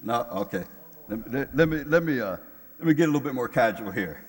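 A man's voice: mid-range voice, expressive, quick pace, in a large hall. An older man preaching a sermon in a casual, conversational way, often repeating words as he finds his phrasing. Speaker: pastor.

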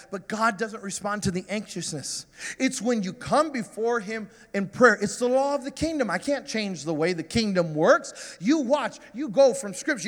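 In a church sanctuary, a pastor with a high-pitched voice preaches a sermon, telling stories and building to passionate appeals. The large hall gives his voice a spacious sound.

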